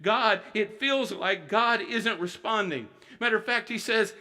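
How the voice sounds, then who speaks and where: A man preaching a sermon in a church, earnest, asking his congregation questions and reading scripture slowly with weight. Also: high voice, sharp tone. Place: church sanctuary.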